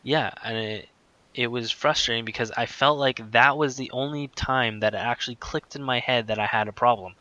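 A man's voice: mid-range voice, normal speed, sharp tone, dry recording, highs cut off. A man casually telling a personal story in a rambling way, full of "like"s and restarts. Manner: rambling, filler-heavy with many "like"s. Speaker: guest telling his story.

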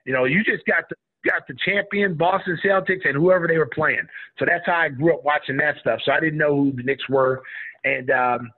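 A man's voice: fairly high pitch, brisk. A middle-aged man from Oklahoma telling a story in a casual interview, acting out what people said in a raised voice. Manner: animated storyteller who acts out quotes in a raised voice. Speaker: guest, former basketball player. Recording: tinny phone-like line.

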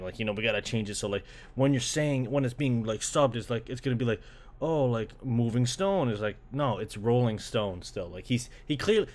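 A young man from Canada ranting casually about anime translations, full of "like" fillers and swearing, slipping into mocking voices. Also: mid-range voice. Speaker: anime fan. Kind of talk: casual rant.

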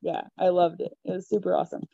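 A young woman telling a personal story in a chatty, giggly, animated way. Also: fairly low pitch, quick pace, vocal fry, husky, no room sound, dull audio. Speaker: podcast guest. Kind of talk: casual storytelling.

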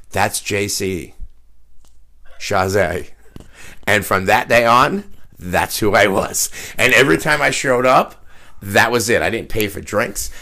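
A man's voice: lowish voice, bright, forceful tone. Brash man telling a wild story. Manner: brash, profane, tells anecdotes by acting out the dialogue. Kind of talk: casual storytelling chat.

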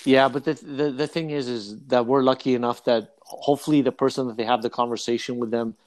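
A man's voice: mid-range voice, fairly quick. A man, a comedian, telling jokey stories in a casual chat with a friend, full of restarts and asides. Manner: animated, jokey, frequent restarts.

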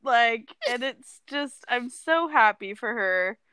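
A woman's voice: fairly high pitch, animated, slow, bright, forceful tone, clean tone, dry recording. A woman co-hosting a podcast in casual chat, gushing and laughing often. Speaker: podcast co-host.

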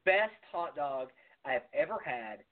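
A man's voice: a little high, big pitch swings, a little slow. A man, a podcast guest telling stories in an emphatic, rambling way. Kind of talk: casual chat. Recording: tinny phone-like line.

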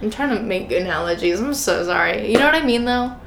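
A woman's voice: medium pitch, lively intonation, quick pace, creaky, a bit bright. Young woman, podcast co-host, chatty, playful, echoey room. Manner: chatty, lots of "like" and playful teasing. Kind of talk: casual chat. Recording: echoey room with faint noise.

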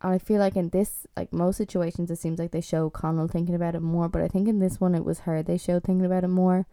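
Gravelly, chatty young Irish woman. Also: fairly low pitch, level tone, quick pace, mellow, no room sound. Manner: chatty and exasperated, lots of fillers. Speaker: vlogger. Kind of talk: casual TV review chat.

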